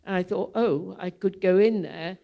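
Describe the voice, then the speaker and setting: An older woman speaking to a theatre audience as a guest, telling long anecdotes in an unhurried, digressive way, with frequent ums. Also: mid-range voice, gravelly, dull audio. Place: theatre hall, public event.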